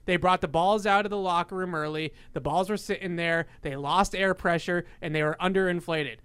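Male podcast co-host, slightly higher smooth voice, emphatic and sarcastic. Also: steady tone, brisk, a bit bright, no room sound. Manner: emphatic and sarcastic when arguing. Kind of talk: casual sports talk.

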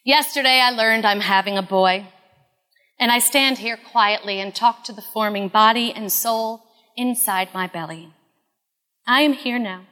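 A woman in her thirties telling a personal story in an earnest, confessional way, often dropping to a hush. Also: a little high, measured pace, in a large hall. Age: 30s.

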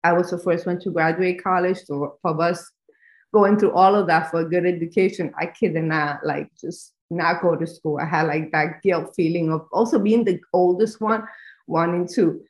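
A woman's voice: lowish voice, steady tone, moderate pace, reverberant. Woman with a Spanish accent, reflective. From Spanish-speaking country. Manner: reflective, many restarts and fillers. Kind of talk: personal storytelling.

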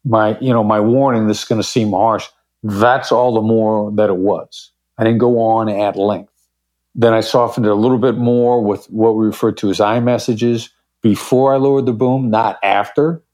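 A man with a fairly low voice speaks in a relaxed, conversational interview. He explains his points with confident emphasis, now and then acting out the phrasing he recommends. He comes across as an expert guest. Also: moderate pace. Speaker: podcast guest, negotiation expert.

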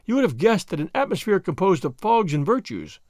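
A man's voice: high-pitched, very animated, brisk, darkish tone, dry recording, studio quality. A man reading an audiobook, voicing a witty, bored young French noblewoman with a merry, teasing manner. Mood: arch, merry. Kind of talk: audiobook character voice.

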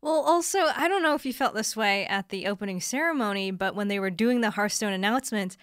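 Smooth-voiced woman co-host. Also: medium pitch, no room sound, clean studio sound. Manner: brief agreeing interjections, then quick remarks. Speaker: podcast co-host. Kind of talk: casual gaming chat.

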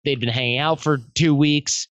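A man speaking as a podcast guest, telling stories in an animated way and acting out quoted lines in other voices. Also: a little high, moderate pace, no room sound, highs cut off. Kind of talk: conversational interview.

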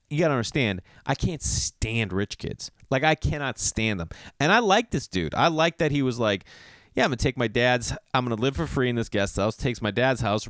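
A man in his thirties telling a long story in a casual, rambling way, full of slang and sudden high-pitched mock voices. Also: clean tone, no echo, clean studio sound. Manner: animated, slangy, jumps into mocking high voices when quoting.

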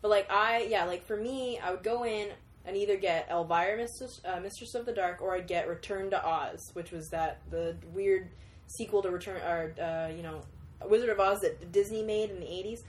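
A woman's voice: medium pitch, steady tone, normal speed, a little hiss or hum. A young woman in casual chat who rambles through memories, with many fillers and self-corrections.

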